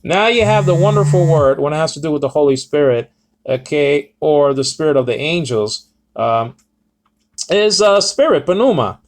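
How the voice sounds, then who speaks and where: Man with a somewhat high voice, talking through a Greek word study off the cuff and full of ums and restarts. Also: animated, moderate pace, a little hiss or hum. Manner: rambling, self-correcting, many fillers. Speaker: Bible teacher. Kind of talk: casual Greek word lesson.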